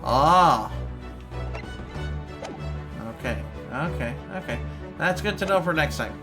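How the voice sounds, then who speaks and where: A man's voice: on the high side, lively intonation, a little fast. A man streaming live, chatting casually and rambling to his viewers while he plays. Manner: rambling, chatty, talks to chat while playing. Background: game music.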